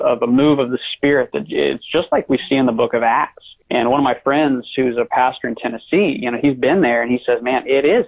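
American man, gravelly, earnest and measured, phone-quality audio. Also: mid-range voice. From United States. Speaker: guest author. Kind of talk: conversational interview. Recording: tinny phone-line audio.

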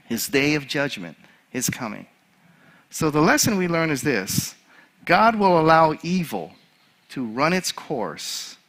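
A man preaching, with a bright, forceful voice pitched a little high. He is an animated storyteller who laughs at his own tale before turning to the sermon. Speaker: chaplain.

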